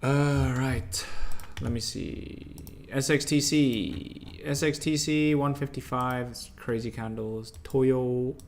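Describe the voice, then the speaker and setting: A man's voice: medium pitch, steady tone, slow pace, vocal fry, a little mellow. A young man hosts a live trading stream in an ordinary mid-range voice. He talks bluntly and emphatically, quizzing his viewers and scolding them when they get it wrong. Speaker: stock trading livestream host.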